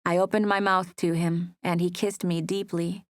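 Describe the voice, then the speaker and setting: Female audiobook narrator, first-person romance, intimate, lowish voice, dry booth recording. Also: level tone, normal speed, dry recording. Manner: soft, intimate storytelling. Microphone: close studio mic.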